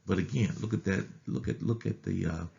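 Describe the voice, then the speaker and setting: A man pastor teaching a Bible study in a deliberate way, often repeating phrases and restarting words. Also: low-pitched, creaky, dark tone, highs cut off.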